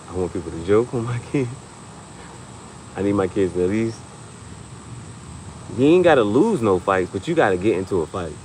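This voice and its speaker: A young adult man hosting a casual comedic chat, telling animated stories, laughing often and jumping into high-pitched acted quotes. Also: a little hiss or hum, poor audio. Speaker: podcast host.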